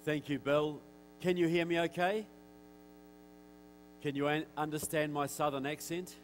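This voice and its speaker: A man with a New Zealand accent giving a direct, forceful speech to an audience in a church, with wry asides. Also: fairly high pitch, fairly even intonation, measured pace, a little hiss or hum, low-quality recording. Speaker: guest speaker. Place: church hall.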